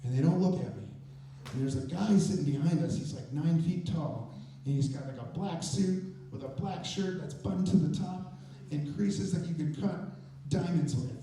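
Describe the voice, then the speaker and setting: A man with a fairly high but mellow voice, telling a true story live on stage in an animated, chatty way. He sounds far from the mic, and the hall around him rings with heavy echo. A faint hum of the room sits underneath. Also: normal speed. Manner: animated, conversational, builds suspense. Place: stage in a performance venue. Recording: very echoey, voice from a distance.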